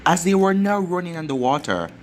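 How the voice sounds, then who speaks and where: Man reading fan fiction, lively voice. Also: on the high side, brisk, a little hiss or hum. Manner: plain, run-on storytelling. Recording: faint background music.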